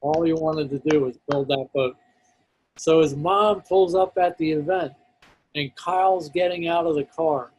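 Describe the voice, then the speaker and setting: A man's voice: a little high, unhurried, darkish tone, rough recording. A man appearing as a guest on a talk show, earnestly telling a personal story in vivid detail.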